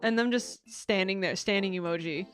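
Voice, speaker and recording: A woman's voice: mid-range voice, normal speed, faint music behind. A young woman streamer in a casual chat, talking freely, swearing and laughing often.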